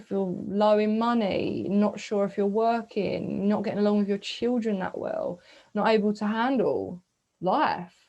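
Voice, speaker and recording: A woman, leading a gentle self-reflection talk as a spiritual coach, asking soft searching questions and pausing to sigh. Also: mid-range voice, muffled recording. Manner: breathy sighs, slow reflective pauses.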